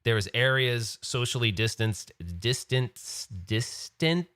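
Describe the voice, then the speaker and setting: A man's voice: mid-range voice, takes it slowly, fairly bright tone, clean tone, no echo. Rambling man hosting a casual live stream. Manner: rambling, easily sidetracked. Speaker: podcast host.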